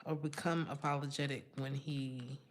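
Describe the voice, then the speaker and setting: A woman's voice: extremely low pitch, level tone, moderate pace, slight background noise. A woman giving a live-streamed tarot reading in a casual, chatty way, calling the viewer honey. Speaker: tarot reader.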